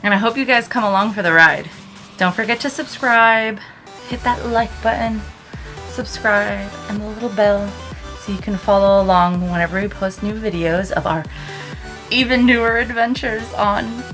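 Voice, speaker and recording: A woman hosting a vlog, giving an excited, giggly tour of a small sailboat she is aboard. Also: mid-range voice, moderate pace, soft background music. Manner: excited, giggly, with frequent laughs. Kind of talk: casual tour walkthrough.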